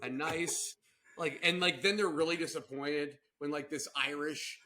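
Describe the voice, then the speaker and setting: A young man co-hosting a podcast in casual chat, animated and rambling, often laughing and restarting his sentences. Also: fairly high pitch, normal speed. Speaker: podcast co-host.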